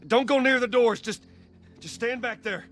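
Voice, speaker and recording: An actor playing a grim, protective middle-aged Texan father in a video game, speaking in a gruff, clipped, urgent drawl. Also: very high-pitched, normal speed, a bit bright, a little hiss or hum. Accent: Southern US, Texan.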